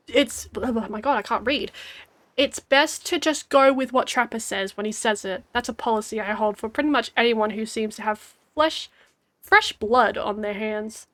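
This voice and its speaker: Aussie girl in her 20s streaming, reads the game out loud and keeps giggling, kinda high voice. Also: normal speed. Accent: Australian. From Australia. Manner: giggly, wry asides while reading aloud. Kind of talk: playful reading of a dating game.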